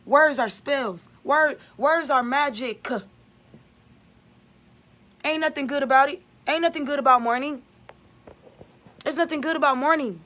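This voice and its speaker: A woman's voice: high voice, measured pace, long pauses, a bit bright. A woman giving an emphatic, repetitive spiritual vlog monologue as a channeler.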